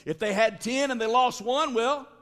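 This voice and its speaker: A man preaching a sermon, speaking slowly with drawn-out words and sudden shouts. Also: very high voice. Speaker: pastor. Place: church sanctuary. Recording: long reverb of a large hall.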